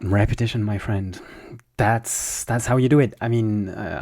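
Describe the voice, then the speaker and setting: A man's voice: lowish voice, gravelly. French man teaching pronunciation casually. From France. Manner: relaxed, explanatory, repeats sounds slowly for drills. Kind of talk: casual spoken lesson.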